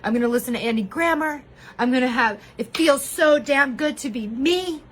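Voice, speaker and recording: A woman's voice: high voice, normal speed, breathy edge. A woman streaming live to her viewers, talking candidly and from the heart about her marriage, laughing often. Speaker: vlogger sharing personal story. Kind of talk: emotional live-stream monologue.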